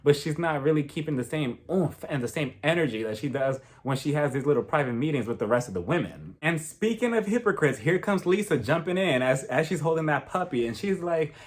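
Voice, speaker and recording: A man giving a casual, gossipy recap of a reality show, dramatic and animated, laughing often. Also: a little high, a little fast, few pauses. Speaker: reality TV reviewer.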